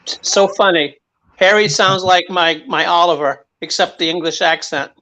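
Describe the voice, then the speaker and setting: Halting man chatting. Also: high voice, steady tone, bright, forceful tone. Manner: halting, restarts, self-deprecating. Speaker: guest. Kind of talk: casual live-stream chat.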